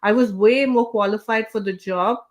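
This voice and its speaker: A woman's voice: medium pitch, steady tone, normal speed. A woman hosting a live panel over a video call, talking earnestly with many fillers and restarts. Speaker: host.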